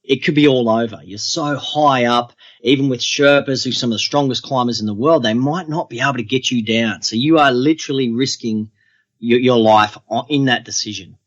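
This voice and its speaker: A man, a guest on an interview podcast, telling adventure stories in a relaxed, steady way. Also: mid-range voice, a little fast, dull audio.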